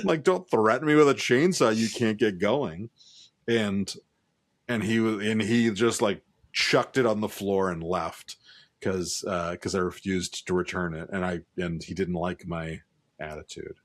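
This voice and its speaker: A man's voice: on the low side, a little slow. A man co-hosting a podcast, casually telling an anecdote and acting out both sides of the exchange, with some swearing. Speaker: podcast co-host. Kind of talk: casual storytelling chat.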